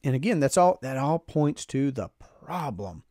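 A man's voice: medium pitch, big pitch swings, moderate pace, mellow, no echo, studio quality. A man hosting a podcast, explaining a finance idea in an earnest, emphatic way and often repeating his phrases. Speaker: podcast host.

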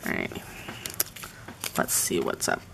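A woman's voice: slow pace, noisy background. A woman chatting casually on a live stream while decorating a planner at home, muttering asides to herself as she works.

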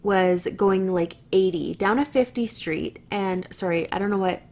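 A woman's voice: medium pitch, unhurried, a little mellow. A woman with a Canadian accent telling a story to camera in a chatty, rambling way, swearing freely and restarting her sentences. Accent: Canadian English.

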